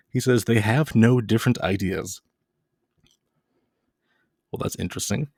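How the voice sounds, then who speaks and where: A man's voice: on the low side, gravelly, darkish tone, dry recording, clean studio sound. A man giving a casual video lecture, dropping playful jokes and mock-scary asides.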